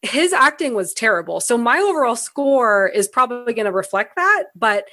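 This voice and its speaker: A woman's voice: on the high side, moderate pace, dry recording. Blunt, swearing young woman reviewing a movie. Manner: blunt, profane, animated ranting. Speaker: podcast co-host. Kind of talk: casual movie review chat.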